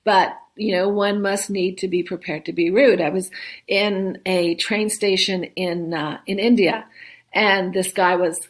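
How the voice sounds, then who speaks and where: A woman's voice: medium pitch, fairly even intonation, measured pace. Woman guest, chatty, laughs often, checks in with "right?", mid-range voice. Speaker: guest, solo travel expert. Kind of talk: conversational interview.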